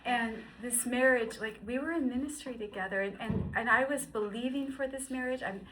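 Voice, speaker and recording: A woman in her fifties tells her faith story in a bright, clear, ringing voice. She is emotional and animated, and she acts out quotes as she goes. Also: on the high side, normal speed, slight background noise, rough recording. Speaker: guest sharing her story. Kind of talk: personal faith testimony.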